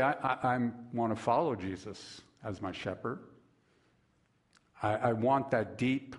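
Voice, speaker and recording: A man preaching a sermon, slow and measured, with dramatic pauses and lively storytelling. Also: medium pitch. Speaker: pastor.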